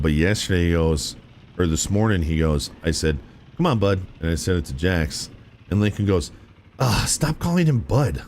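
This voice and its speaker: A young man with a low, deep voice talks to his live-stream chat while he plays. His pitch swings widely as he reacts, and his tone stays relaxed and chatty, with a soft hum of noise in the background. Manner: chatty, laid-back, says "dude" and "chat" often. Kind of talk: casual chat with stream viewers while gaming.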